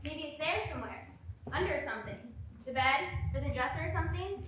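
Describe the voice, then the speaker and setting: A woman's voice: high-pitched, lively intonation, brisk, noisy background. A woman performing a theater monologue, narrating her own actions step by step. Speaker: stage actor. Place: theater stage. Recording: echoey hall, far from mic.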